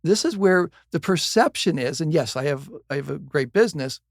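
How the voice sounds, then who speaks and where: A man, a guest on a podcast interview, telling lively stories, acting out quoted lines and often chiming in to agree. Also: on the high side, moderate pace, dry recording, studio quality. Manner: animated storyteller, acts out quoted dialogue, agrees often. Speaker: guest real estate agent.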